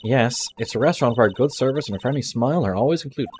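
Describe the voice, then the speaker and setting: A man's voice: mid-range voice, expressive, fast, darkish tone, soft background music, lightly acted. A man voicing an unlucky, cheerful young woman, a former policewoman who talks earnestly and keeps calling people sir, read aloud from a video game. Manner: earnest, self-pitying, ends lines with "sir". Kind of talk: reading game dialogue aloud.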